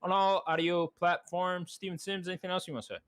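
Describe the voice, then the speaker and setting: A man's voice: high voice, level tone, a little fast, fairly bright tone, clear, resonant tone, no echo. An easygoing man from the United States hosting a podcast and chatting casually. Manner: easygoing, sympathetic, laid-back. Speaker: podcast host. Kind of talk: casual chat.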